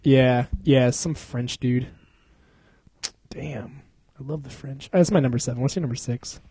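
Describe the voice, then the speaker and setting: A man's voice: mid-range voice, fairly even intonation, a little slow, warm tone, slightly rough. A man from Florida hosting a casual podcast chat, telling stories animatedly, swearing freely and laughing often. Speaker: podcast host.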